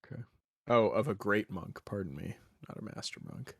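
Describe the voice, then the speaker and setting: A man's voice: fairly low pitch, animated, moderate pace, vocal fry, breathy edge, no room sound, clean studio sound. A man narrating a tabletop game as dungeon master, casual and hesitant, with many fillers.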